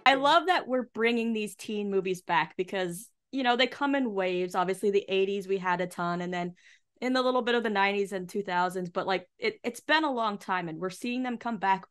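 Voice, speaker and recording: A woman's voice: mid-range voice, fairly quick, fairly bright tone, clean tone, soft background music. A woman interviewing a guest, chatty and enthusiastic in a casual style.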